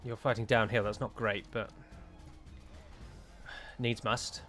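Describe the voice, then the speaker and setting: A man's voice: fairly low pitch, steady tone, slow pace, fairly bright tone, faint music behind. A British man commentating on his strategy game, exasperated and swearing freely as the battle goes wrong. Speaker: strategy game let's-player. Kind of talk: gameplay commentary.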